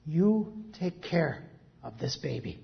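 A man's voice: a little high, lively intonation, slow, gravelly, pitched below the performer's own voice, heavily acted. A preacher voicing a ragged, drunken old man who speaks in a firm, commanding way. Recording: dull lo-fi recording.

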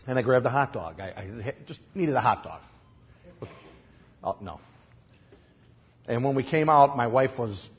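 A man with a Chicago accent preaching a sermon, telling stories in a conversational way and swinging from quiet asides to loud, emphatic lines. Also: mid-range voice, muffled recording. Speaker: pastor.

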